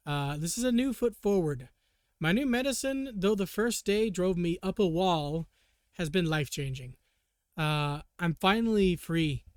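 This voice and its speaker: A man streaming live in casual, rambling chat, swearing loosely and often clearing a sore throat. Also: sits high, no echo, clean studio sound.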